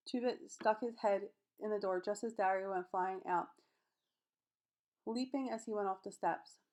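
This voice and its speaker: A woman reading a novel chapter aloud, voicing every character in her own voice and sometimes stumbling and restarting a word. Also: medium pitch. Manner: reads all characters in her own voice, occasional slips and restarts. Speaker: audiobook reader.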